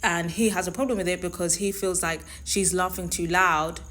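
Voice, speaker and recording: A woman speaks in a slightly low voice, hosting her own commentary show. She talks in a conversational, emphatic and opinionated way, pressing her points home. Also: steady tone, normal speed, fairly bright tone. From London. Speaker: show host. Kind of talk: reality TV commentary.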